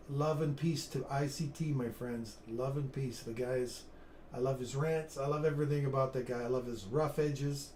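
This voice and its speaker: A man in his fifties hosts a live trading stream in a mid-range, slightly mellow voice, chatting upbeat and reading viewer comments aloud. The room is echoey, with slight background noise.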